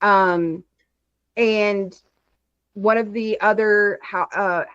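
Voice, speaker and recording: A woman from Texas chatting as a guest, telling stories in an animated, rapid way over a video call. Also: mid-range voice, clean tone, dry recording, dull audio. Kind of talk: casual chat.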